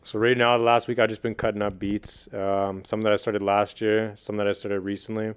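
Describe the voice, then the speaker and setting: A man chatting casually as a podcast guest, talking fast and loosely with lots of slang and "like". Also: lowish voice, flat delivery, clean tone. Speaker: podcast guest, video producer and beatmaker. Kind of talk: casual chat.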